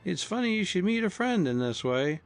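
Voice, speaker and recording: Male reader as a cool, wry young fellow, raised pitch, lively. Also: moderate pace, soft background music. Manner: cool, mocking.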